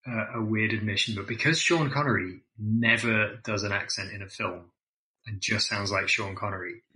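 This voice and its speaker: A man's voice: lowish voice, moderate pace, sharp tone. A man from Scotland co-hosting a casual film podcast, chatty and self-deprecating. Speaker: podcast co-host.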